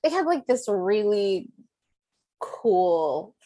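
A woman co-hosting a podcast, chatting about a film in a giggly, expressive way with plenty of "like". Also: mid-range voice, very slow. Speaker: podcast co-host. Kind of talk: casual film-discussion chat.

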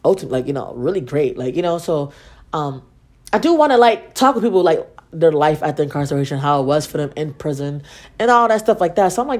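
A woman's voice: low-pitched, animated, fairly quick, a little mellow. A young adult woman hosting a podcast, telling stories in a casual, sarcastic, profane way and acting out the dialogue. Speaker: podcast host. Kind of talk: casual storytelling monologue.

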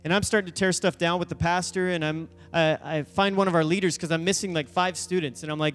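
A high-pitched man tells a story from the pulpit as a youth pastor, bringing each person in it to life. His voice carries a long reverb from a large church hall, and soft instrumental music plays underneath. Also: quick pace, few pauses. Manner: animated storyteller, acting out voices in quotes. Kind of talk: sermon storytelling.

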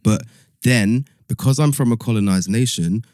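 A man in a casual discussion, summarizing points in a measured way. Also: mid-range voice, a little mellow, no echo, clean studio sound.

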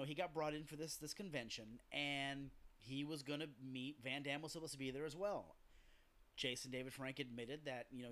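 A man's voice: medium pitch, fairly bright tone. A man hosting a casual solo podcast, telling rambling stories full of swearing and offhand asides. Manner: profane, rambling storytelling with asides; acts out quoted lines in a gruff voice. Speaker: podcast host.

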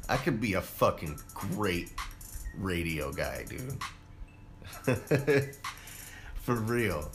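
A man from Colorado hosts a solo podcast in an unhurried, rambling way, dropping curses as he goes. His voice sits fairly low, and he talks at a very slow, drawn-out pace. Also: sing-song, soft background music. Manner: laid-back, rambling and heavily profane. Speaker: podcast host. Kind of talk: casual solo podcast chat.

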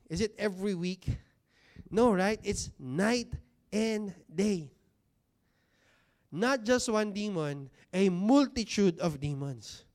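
A man's voice: sits high, a little mellow. A man preaching a sermon to a congregation, talking conversationally, asking rhetorical questions and stretching out key words for emphasis. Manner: stresses key words with slow, drawn-out delivery. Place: church hall with congregation seated.

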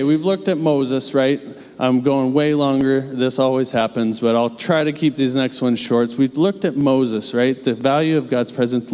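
Pastor preaching, mellow voice in reverb. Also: male voice, medium pitch. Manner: conversational, earnest preaching with asides. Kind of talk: sermon. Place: church. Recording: long church reverb.

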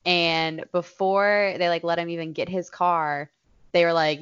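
A woman's voice: on the low side, measured pace, clear, resonant tone, highs cut off. A young woman co-hosting a podcast, telling a story in casual chat and swearing freely. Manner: swears freely, tells stories with lively quoted voices. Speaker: podcast co-host.

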